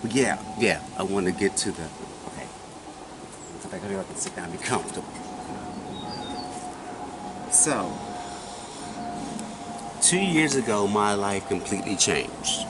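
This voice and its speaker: A man in his forties telling a personal story in casual chat, animated and often asking his listener questions. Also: lowish voice, a little slow, pauses often. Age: 40s. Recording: noisy recording.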